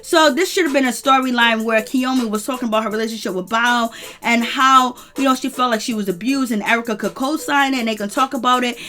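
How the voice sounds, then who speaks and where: A woman's voice: fairly high pitch, quick pace, bright, forceful tone. A woman hosting a reality TV recap in casual gossip style, opinionated and chatty, with lots of "you know" fillers.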